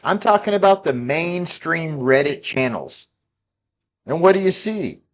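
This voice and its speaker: A man's voice: fairly high pitch, animated, measured pace, a bit bright. A man in his forties ranting about politics, heated and profane, scolding his listeners. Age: 40s. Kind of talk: angry political rant to camera.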